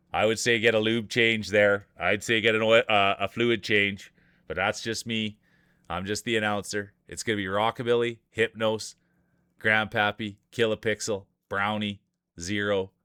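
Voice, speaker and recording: A man's voice: lowish voice, a bit bright, clean tone, no echo. Male streamer-announcer, joking banter, resonant voice, dry close sound. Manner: playful, jokey announcer patter. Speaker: streamer hosting marble races. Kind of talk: live stream commentary.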